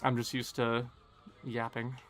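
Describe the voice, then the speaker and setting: A young man, streaming a game live and chatting casually and quickly with his viewers, joking at his own expense. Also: medium pitch, monotone, a bit bright. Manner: fast, casual, self-deprecating chatter. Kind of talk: live gameplay commentary and chat Q&A.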